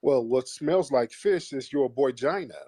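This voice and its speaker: A man hosting a live call-in stream, mocking and insulting his callers bluntly with slow, drawn-out put-downs. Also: mid-range voice, expressive, warm tone, no room sound, studio quality. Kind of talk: combative call-in show talk.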